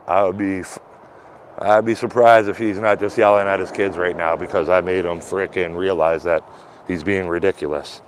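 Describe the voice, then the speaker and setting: A man's voice: lowish voice, a little hiss or hum. A man vlogging outdoors in a residential neighborhood with a handheld phone camera, rambling casually with lots of fillers and restarts. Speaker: street vlogger filming outdoors. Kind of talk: casual rambling vlog commentary.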